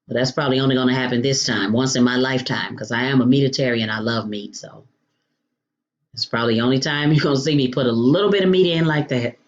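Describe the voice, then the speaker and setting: Talking fast in an extremely low voice, this cooking show host keeps things chatty as she demonstrates home cooking. She calls viewers honey and baby and exclaims playfully over the food, with the highs cut off in the recording.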